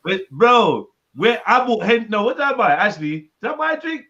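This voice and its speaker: A man hosting a casual livestream, loud and teasing, swearing freely between bursts of laughter. His voice sits a little high, and the sound is dull and lo-fi like stream audio. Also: very animated, moderate pace. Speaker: livestream host.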